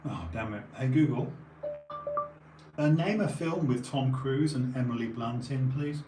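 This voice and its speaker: Mellow and measured, this medium-pitched male voice rambles casually on stream with faint music behind him, sniffling, tired, and restarting often amid digressions. The room echoes, with faint noise in the background.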